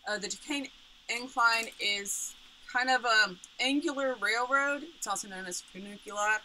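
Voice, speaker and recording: A woman's voice: a little high, normal speed, bright, forceful tone, slight background noise, rough recording. A woman who runs a yarn business, presenting her products and explaining each one, with frequent ums. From Pittsburgh area. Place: home studio, indoors.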